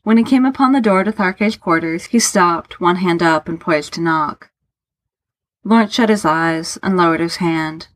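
A woman reading a story aloud in a steady, measured narration. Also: fairly low pitch, no echo. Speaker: audiobook narrator.

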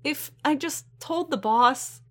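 A woman voicing an anxious, tearful young female alien barmaid in a storybook reading, high and pleading. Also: very animated, normal speed.

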